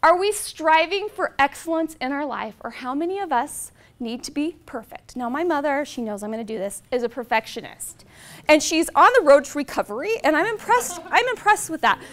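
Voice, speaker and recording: A woman in her forties speaks with a high voice as she gives an inspirational presentation. She tells heartfelt personal stories in an animated, expressive way to a live audience in a presentation room. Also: fairly quick. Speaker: motivational speaker.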